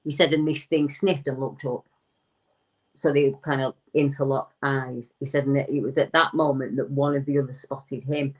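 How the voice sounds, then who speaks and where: A woman's voice: a bass voice, flat delivery, normal speed. A woman from the United Kingdom, a guest recounting a witness's encounter in conversational storytelling, acting out the quoted words of the people in her tale.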